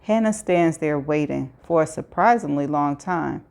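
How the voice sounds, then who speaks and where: A woman reading a novel aloud in a steady way, with small restarts. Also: deep voice, normal speed, vocal fry. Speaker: audiobook reader.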